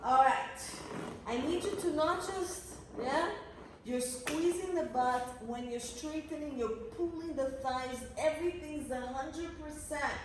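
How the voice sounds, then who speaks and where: A woman's voice: sits high, a little slow, noisy background. A woman leading a pilates class, coaching energetically and counting reps, at times out of breath. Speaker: pilates instructor. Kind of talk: guiding a workout class. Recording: roomy echo from a distance.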